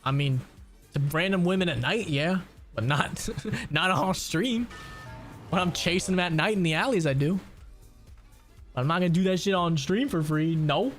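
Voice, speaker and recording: A man's voice: high voice, normal speed, long pauses, faint music behind. A young man streaming a game, chatting casually with a crude, joking manner, answering chat and laughing often.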